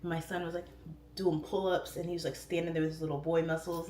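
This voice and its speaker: A woman in her thirties hosting a casual livestream, chatting openly and jumping up in pitch when she quotes herself. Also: rapid-fire, echoey room. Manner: chatty, expressive, pitch jumps up for quoted voices. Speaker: livestream host.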